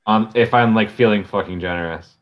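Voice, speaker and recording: A man's voice: lowish voice, fairly quick. A man co-hosting a casual movie chat, laid-back and mumbling, with casual swearing.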